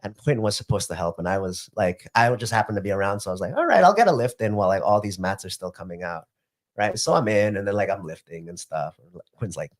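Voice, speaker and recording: A man co-hosting a casual sports chat, telling animated stories and laughing often. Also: low voice, fast talker. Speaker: co-host of MMA news show.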